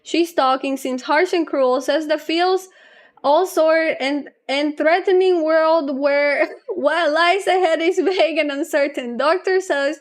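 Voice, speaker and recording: High-voiced young woman streamer rambling. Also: slow pace. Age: young adult. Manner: rambling and chatty, with frequent laughs. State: low on energy. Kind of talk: casual livestream chat, reading chat aloud.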